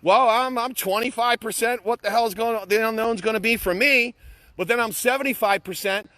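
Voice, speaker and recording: A man's voice: extremely high pitch, brisk, pushed and bright, no room sound. A middle-aged man giving an impassioned, blunt pep talk to camera, emphatic, repetitive and peppered with swearing. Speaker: motivational vlogger.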